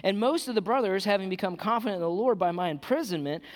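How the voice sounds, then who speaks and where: A man preaching a sermon as pastor in a casual, conversational way, calling his listeners "gang" and swinging between hushed, earnest passages and loud, animated ones. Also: high-pitched, quick pace, big-room sound. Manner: conversational, calls the audience "gang".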